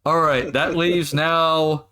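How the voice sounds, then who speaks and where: An excitable man runs a tabletop session, his bright, forceful voice sitting a little high. He laughs often while describing the scene to his players. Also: takes it slowly. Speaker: game master. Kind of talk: narrating a tabletop game.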